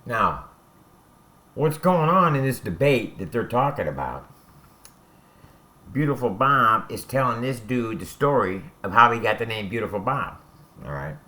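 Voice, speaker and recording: A man's voice: medium pitch, big pitch swings, measured pace, long pauses, bright, forceful tone. A man who served time tells prison stories in a blunt, profane way and keeps checking in with "all right?". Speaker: former prisoner telling stories. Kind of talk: casual spoken storytelling.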